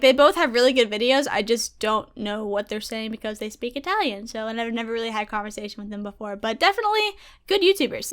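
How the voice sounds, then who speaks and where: A woman's voice: high-pitched, a bit bright. A young woman chatting casually about her gaming teammates in a bubbly, giggly, gushing way. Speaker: gaming YouTuber. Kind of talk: casual vlog chat.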